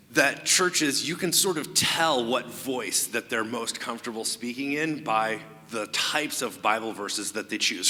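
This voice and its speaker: A man preaching a sermon as pastor, explaining his points in a measured way with frequent pauses. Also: mid-range voice, bright, forceful tone, long reverb tail. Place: church sanctuary.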